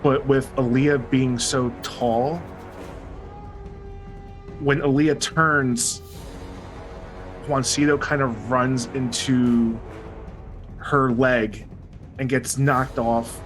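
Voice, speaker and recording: A man playing a tabletop game, describing his character in a hesitant, halting way. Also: mid-range voice, flat delivery, soft background music, rough recording. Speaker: player.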